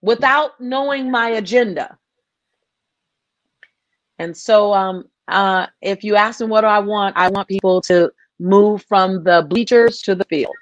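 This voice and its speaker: A woman's voice: medium pitch, unhurried, no room sound, muffled recording. A woman filmmaker talking passionately in an interview, often restarting and repeating her phrases. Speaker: filmmaker guest. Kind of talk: interview conversation.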